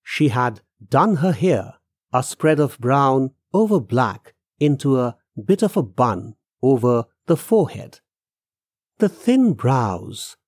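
Slow, expressive storyteller. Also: mid-range voice, no echo, clean studio sound. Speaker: narrator. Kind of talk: audiobook narration of a ghost story.

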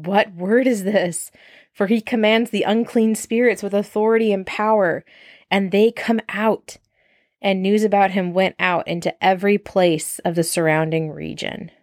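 Woman Bible study teacher, lower voice, reads verses then chats about them with lots of "like", dry close sound. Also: no room sound. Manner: reads scripture aloud, then comments with enthusiasm; chatty, frequent "like" and laughs.

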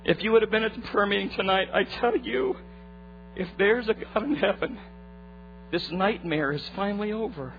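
Man preaching, very high voice, muffled lo-fi sound, hushed to fervent. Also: normal speed. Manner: acts out voices in his story, swings from hushed to fervent. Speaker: pastor. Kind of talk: sermon with a retold story. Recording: muffled lo-fi recording with faint hum.

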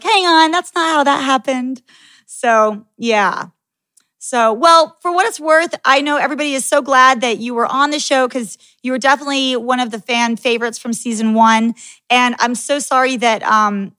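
A woman's voice: a little high, a bit bright, no room sound. A woman hosting a podcast, chatting candidly with a guest, laughing often and swearing freely. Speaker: podcast host. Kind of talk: casual interview chat.

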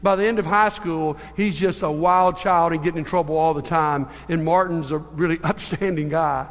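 A man preaching a sermon as a pastor, telling stories in an animated way and moving between hushed and emphatic delivery. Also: fairly high pitch, normal speed, long reverb tail. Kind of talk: sermon with storytelling.

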